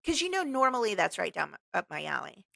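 A woman co-hosting a podcast talks fast in a mid-range voice with vocal fry, chatting casually and laughing often as she tells animated stories. The sound is dry and close, with no echo, captured over a remote call.

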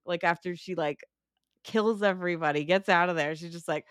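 A woman's voice: lowish voice, fairly quick, clean tone, dry recording, clean studio sound. A woman co-hosting a podcast in casual chat, candid, enthusiastic and swearing freely. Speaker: podcast co-host.

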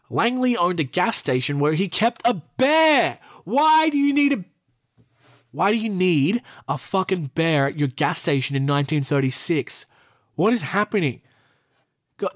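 Young male podcast host, casual solo commentary, sweary and exasperated, tone a bit high, dry close sound. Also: no room sound. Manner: sweary, exasperated asides between reading. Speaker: podcast host reading and reacting to a list.

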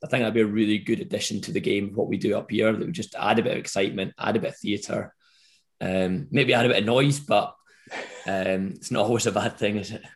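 A Scottish man, a rugby referee, answering interview questions in a relaxed, rambling way with frequent restarts. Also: lowish voice, a little fast. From Scotland.

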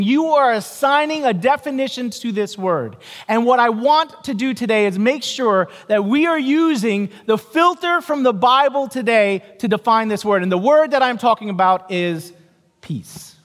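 A man's voice: very high voice, moderate pace, hardly any pauses, a bit bright. A middle-aged man preaching a sermon as pastor, telling a family story with quoted voices and dry, self-deprecating humor. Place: church sanctuary. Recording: long church reverb.

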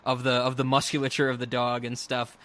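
A man's voice: mid-range voice, monotone, fairly quick, a crowd in the background. A man co-hosting a podcast, chatting casually and animatedly about a movie, laughing and mimicking lines. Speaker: podcast co-host. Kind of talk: casual movie review chat.

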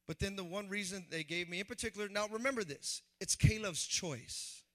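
Bright, forceful man preaching a sermon. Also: high voice, normal speed. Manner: animated, conversational preaching that acts out quoted voices. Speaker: pastor.

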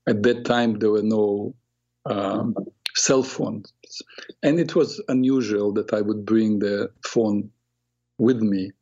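A man in his sixties hosting a radio show, telling a story at an unhurried, reflective pace with many fillers. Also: lowish voice, fairly even intonation, a little mellow, dull audio. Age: 60s. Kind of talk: storytelling monologue.

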